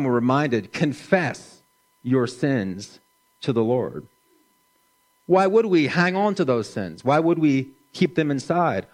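A middle-aged man preaching a sermon in a slow, gentle, measured way, dropping his voice softly for emphasis. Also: medium pitch. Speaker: pastor.

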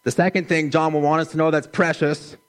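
A middle-aged man preaching a sermon in a slow, gentle, measured way, dropping his voice softly for emphasis. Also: fairly high pitch, little pitch movement. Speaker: pastor.

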